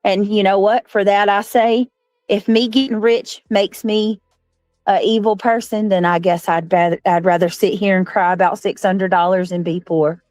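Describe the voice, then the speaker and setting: A woman's voice: medium pitch, fairly even intonation, normal speed, darkish tone, no echo, soft background music. A woman ranting casually on her own livestream, complaining and swearing in passing. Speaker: streamer in a played clip.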